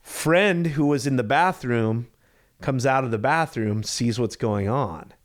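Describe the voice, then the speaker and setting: A man's voice: mid-range voice, measured pace. A man in his thirties, a podcast co-host, casually telling a story and acting out the voices of the people in it. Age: 30s. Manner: animated storyteller, acts out quoted voices.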